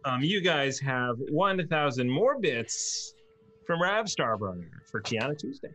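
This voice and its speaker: A man's voice: fairly high pitch, sing-song, unhurried, a crowd in the background. A man running a tabletop game on a video-call stream, chatting casually, laughing often and tripping over names. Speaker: dungeon master.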